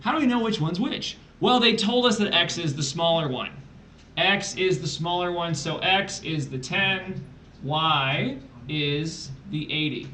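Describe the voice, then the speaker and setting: Male tutor, a touch high-pitched, explains math aloud with jokey asides; roomy echo on the recording. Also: expressive, a little slow, bright, forceful tone, a little hiss or hum. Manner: works through problems aloud, playful asides. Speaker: test prep tutor. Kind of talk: livestreamed math lesson.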